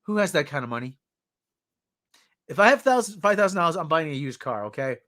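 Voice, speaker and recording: A man's voice: fairly high pitch, sing-song, fairly quick, fairly bright tone. A man hosting a podcast, giving sarcastic, ranting news commentary in a mocking tone. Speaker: podcast host.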